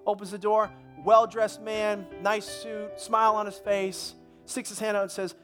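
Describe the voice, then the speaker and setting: A man's voice: sits high, little pitch movement, unhurried, few pauses, over music. A male pastor preaching a sermon at a church service, conversational, with repeated words and restarts.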